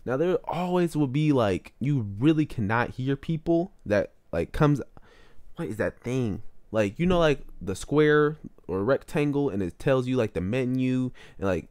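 A man's voice: no room sound, clean studio sound. A young man rambling through a casual storytime monologue in slangy speech, full of fillers. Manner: animated, with sudden jumps up in pitch. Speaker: vlogger telling a story.

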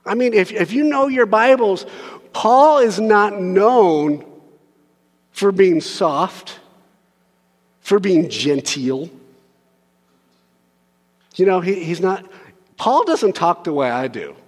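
In a church sanctuary with a long, echoing reverb, a pastor with a notably high voice delivers a sermon. He addresses the congregation conversationally and jokingly, moving from soft asides to loud, urgent pleading. His delivery is animated yet slow, with frequent pauses.

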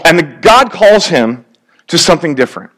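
Male preacher, chatty sermon delivery, slightly higher pitch. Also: sing-song, moderate pace, fairly bright tone. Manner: conversational, joking, acts out little scenes.

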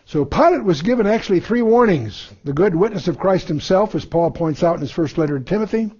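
A man's voice: high-pitched, animated, brisk, a little mellow, slightly rough, muffled recording. A man giving a verse-by-verse Bible lesson, reading scripture aloud and then explaining it, with many fillers and restarts. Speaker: Bible teacher.

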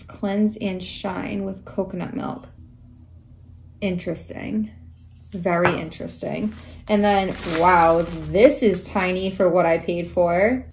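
A young adult woman chatting casually in a haul vlog, enthusiastic and sometimes dropping into a half-whisper. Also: mid-range voice. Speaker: vlogger.

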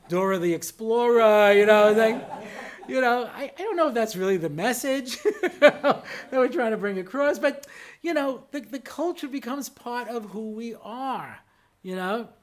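In a high-pitched voice, a middle-aged rabbi from the United States gives a lecture full of humor. He shares anecdotes casually and chattily, with "you know" popping up constantly.

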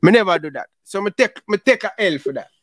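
Jamaican man hosting, high and dry. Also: lively intonation, fast talker, dry recording. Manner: apologetic, laughing often, repeats "brother". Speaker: football talk show host. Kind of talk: casual argumentative chat.

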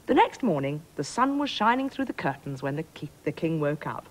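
A woman presenter narrating a children's storybook in an expressive, storytelling manner. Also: sits low, brisk.

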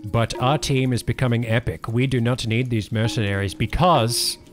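A man hosting a gaming channel, giving excitable let's play commentary and laughing often. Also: mid-range voice, normal speed, music in the background. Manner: excitable, laughs often, yells when things go wrong.

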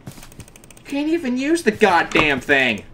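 A man hosting a let's play, talking to himself and swearing excitably as he plays. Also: sits high, takes it slowly, noisy background. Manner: profane, excitable, talks to himself. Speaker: gaming channel host. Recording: keyboard clicks and typing behind.

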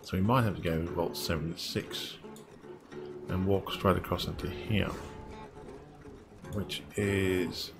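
A man with a very deep, low-pitched voice talks through a game as he plays, rambling and thinking aloud in a casual way. Guitar music plays clearly in the background. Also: fairly even intonation, a little slow, pauses often. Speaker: gamer streaming his play. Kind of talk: casual let's-play commentary.

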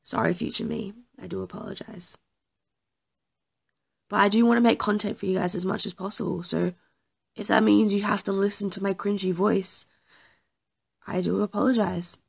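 Young woman, gravelly voice, casual gameplay chat, self-deprecating, apologetic. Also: mid-range voice, steady tone, a little fast. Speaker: gaming YouTuber.

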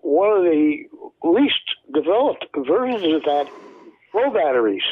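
High-voiced man on a tinny line. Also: big pitch swings, unhurried, a little hiss or hum. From the Bronx, New York. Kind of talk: casual studio chat.

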